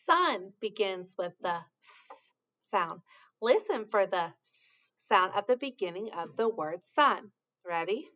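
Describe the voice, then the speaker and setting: A woman's voice: medium pitch, animated, slow pace, pushed and bright, highs cut off. A woman teaching a sound to young children in a patient, encouraging way, with sing-song praise and carefully spelled-out sounds.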